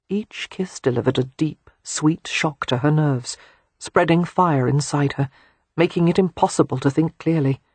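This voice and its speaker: An audiobook narrator reading a romance novel in a soft, hushed, unhurried way. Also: medium pitch, slightly rough, no room sound.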